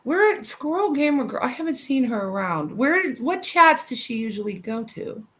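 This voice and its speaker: A woman in her thirties co-hosts a casual podcast, her voice pitched fairly high. She chats freely and giggles often. She rattles off stories quickly. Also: very animated, fairly bright tone. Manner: chatty, giggly, tells stories fast. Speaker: podcast co-host. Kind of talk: casual chat reading live comments.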